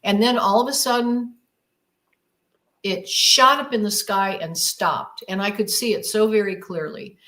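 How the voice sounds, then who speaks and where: A woman's voice: mid-range voice, unhurried, pushed and bright. A woman being interviewed who tells her story with emphasis and drama, acting out her own inner thoughts as she goes. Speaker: guest.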